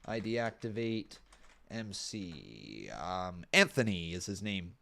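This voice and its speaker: A man's voice: sits low, big pitch swings, slow pace, vocal fry, sharp tone. Young Canadian man reacting on a live stream. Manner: nostalgic, exclaims and laughs often. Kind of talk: casual live-stream commentary.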